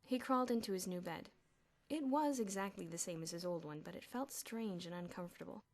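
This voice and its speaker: A woman reading a children's novel aloud as an audiobook, with an expressive delivery. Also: on the low side, fairly quick. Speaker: audiobook reader. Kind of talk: audiobook narration.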